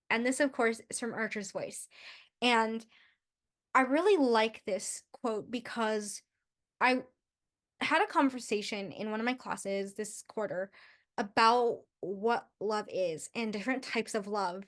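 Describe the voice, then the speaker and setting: A woman's voice: on the high side, unhurried. A young woman hosting a book vlog, chatting casually and gushing over favorite quotes, often restarting her sentences. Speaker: book vlogger. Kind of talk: casual book review chat.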